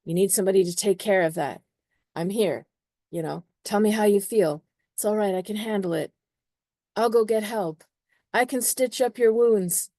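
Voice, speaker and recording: A woman's voice: moderate pace, no echo, studio quality, close to an everyday voice. A woman voicing a clingy, nurturing personified star sign that pleads to take care of others. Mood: pleading, doting. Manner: eager, pleading, higher and louder.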